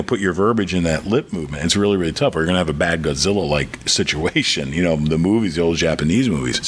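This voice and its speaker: A middle-aged American man, a comedian guest on a radio interview, telling stories in a lively way and breaking into acted voices. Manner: lively, acts out quoted voices with high squeals and laughter. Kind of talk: animated radio interview storytelling.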